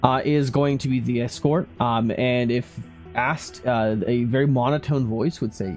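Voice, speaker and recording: A man running a tabletop game as game master, narrating with hesitant pauses and many fillers. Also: medium pitch, steady tone, a little mellow, soft background music.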